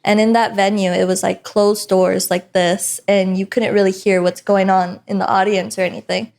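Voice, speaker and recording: A young woman, a professional wrestler, telling stories in a casual interview with an animated, laughing manner. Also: medium pitch, normal speed, gravelly. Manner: animated, laughing often, acts out voices in stories. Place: indoor interview set.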